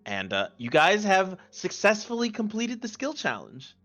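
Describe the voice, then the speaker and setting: A man narrating as game master of an online tabletop game, halting and restarting his phrases. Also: high-pitched, wildly swooping pitch, pushed and bright, muffled recording, faint music behind.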